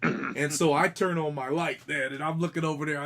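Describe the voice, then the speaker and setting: A man's voice: a little high, fairly even intonation, a little fast, gravelly, a bit bright. A man on a podcast earnestly telling, in detail, about a ghostly encounter during an investigation, often restarting his sentences. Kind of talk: casual podcast storytelling.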